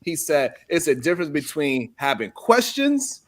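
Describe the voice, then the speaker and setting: A man's voice: fairly high pitch, big pitch swings, moderate pace. A man hosting a casual live-stream panel chat over a video call, playful and teasing, laughing often. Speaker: talk show host.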